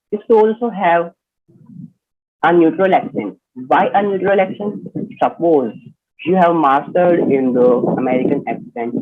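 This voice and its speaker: Male instructor on a video call, explanatory, often asks "okay?". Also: fairly high pitch. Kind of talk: online personality development class. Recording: tinny phone-like online call audio.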